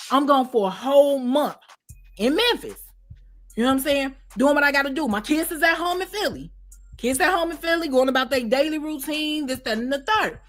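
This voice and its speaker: Sitting high with a fairly bright tone, this woman's voice carries a long, slangy story told as an interview guest. She keeps checking in with the listener, saying "you know what I'm saying" again and again.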